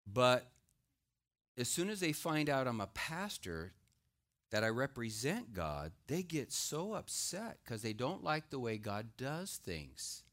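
A middle-aged man, a pastor, preaching a sermon in a lively way and acting out the voices he quotes. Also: mid-range voice, slow pace. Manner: animated, acts out quoted voices.

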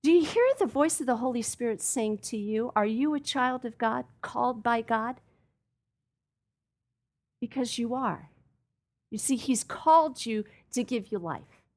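A woman's voice: on the high side, measured pace, pauses often, darkish tone. A woman preaching a sermon in an earnest, emphatic way, speaking straight to her listeners. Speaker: Bible teacher.

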